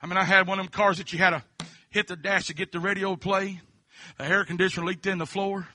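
Bright-voiced preacher. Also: male voice, high-pitched, little pitch movement, fast. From Kentucky. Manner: folksy storytelling punctuated with amens, swinging between quiet and shouting. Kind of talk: sermon testimony.

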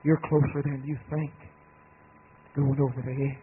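A man preaching a sermon, building to shouted climaxes and then dropping low and soft. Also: flat delivery, moderate pace, long pauses. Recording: tinny phone-like radio broadcast with faint noise.

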